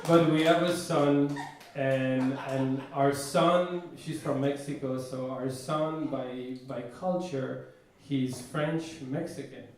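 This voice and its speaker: A man doing a stand-up comedy set, boasting in a deadpan way and often restarting his sentences. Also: mid-range voice, slow, hardly any pauses. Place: comedy stage before a laughing audience. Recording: echoey, distant live room mic with noise.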